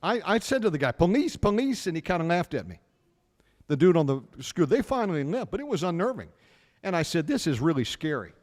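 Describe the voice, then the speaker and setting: On his radio show, a middle-aged American with a slightly high voice talks fast, spinning animated anecdotes and voicing the dialogue himself. The sound trails off in a long reverb.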